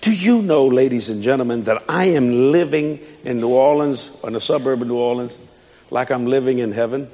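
A man preaching a sermon in a church hall, fiery and emphatic, shouting and repeating his lines. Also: medium pitch, fairly quick. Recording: long hall reverb.

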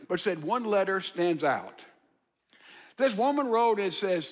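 A man's voice: high-pitched, very animated, measured pace, fairly bright tone. A man preaching a sermon, a folksy storyteller who turns to fervent exhortation. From American South.

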